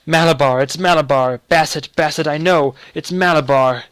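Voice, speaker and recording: A man's voice: steady tone, a little fast, vocal fry, no room sound. A man voicing a feverish, obsessed little boy. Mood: delirious. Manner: high, urgent, insistent.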